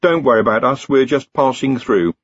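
A man voicing a cowardly, sardonic wizard who talks in a quick, wry and anxious way. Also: medium pitch, breathy edge, no echo, highs cut off, pitched above the performer's own voice, natural voice. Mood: nervous.

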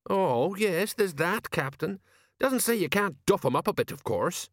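A man voicing a nervous, rambling middle-aged sergeant who talks in a folksy, drawn-out way. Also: high voice, animated, no echo, clean studio sound, voice pushed up.

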